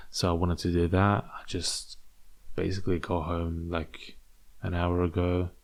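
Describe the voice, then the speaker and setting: A young Englishman hosts a solo podcast in a low, fairly flat voice at a measured pace. His British accent keeps slipping into American as he rambles and jokes, stammering and restarting often.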